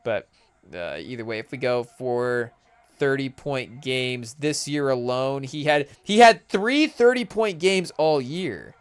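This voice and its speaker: A man hosting a podcast, reacting excitedly and rambling through casual live commentary on a game, with lots of "hey, yo" interjections. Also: medium pitch, slow, clean tone. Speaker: podcast host.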